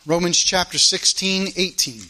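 A man preaching a sermon in a church as a pastor, swinging between loud emphasis and quiet asides, repeating phrases for emphasis. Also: sits high, unhurried. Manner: informal spoken grammar, repeats phrases for emphasis.

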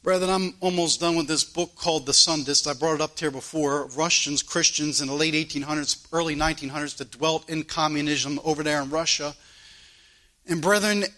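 A man with a drawl preaches with passion, his voice sitting high for a man. His tone is bright and cutting, and he swings from hard, loud exhortation to soft, pleading hushes. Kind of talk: fiery sermon.

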